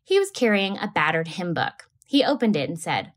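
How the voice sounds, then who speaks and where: A woman teacher reading a novel aloud to a class with a steady, clear delivery. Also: on the low side, normal speed.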